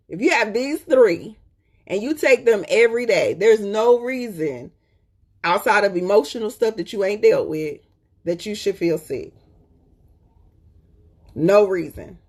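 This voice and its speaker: A woman's voice: medium pitch, a little mellow, slightly rough. A woman talking casually and emphatically to her viewers, repeating her points and often checking in with "okay?". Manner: colloquial, addresses viewers as "y'all". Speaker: host. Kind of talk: casual live-stream chat.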